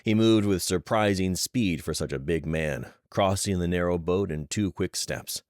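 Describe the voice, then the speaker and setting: A man narrating a thriller audiobook in steady, measured storytelling. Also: low-pitched, dry recording, studio quality.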